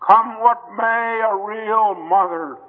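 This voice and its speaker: A high-voiced man preaches an old-time gospel sermon at a slow, deliberate pace. He pleads earnestly with his listeners, leaving long pauses between phrases. The recording is thin and phone-like, with a long reverb from the hall.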